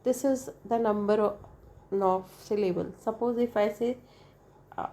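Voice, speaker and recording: A woman's voice: medium pitch, steady tone, moderate pace, mellow. A woman teaching an English lesson, explaining step by step, repeating her points and checking in with "right?" as she goes. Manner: repeats points, spells out vowels one by one; frequent "right?" checks with the listener.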